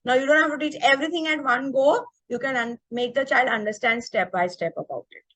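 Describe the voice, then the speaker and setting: An energetic woman teaches spelling rules over a video call. Her tone is bright and slightly high, and she keeps asking her listeners "okay?" The recording is dry, with no room echo. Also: brisk. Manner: energetic, checks in often with "okay?". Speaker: teacher trainer. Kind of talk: online teacher workshop.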